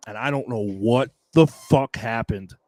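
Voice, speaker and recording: A man's voice: mid-range voice, unhurried, darkish tone, no room sound. A man co-hosting a podcast, talking candidly in casual chat. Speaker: podcast co-host.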